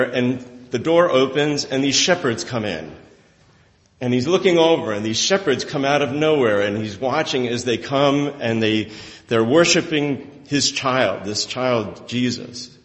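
A male pastor preaching with lively, animated storytelling and frequent chuckles. His voice sits at an ordinary pitch for a man and carries a long reverb tail, like a large church sanctuary. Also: unhurried. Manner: animated storytelling, often laughing. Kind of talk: sermon.

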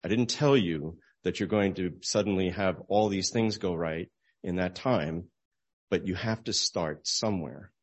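A man with a very low voice delivers an informal sermon. He talks conversationally, acting out short bits of dialogue as he retells a story. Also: measured pace. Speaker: preacher.

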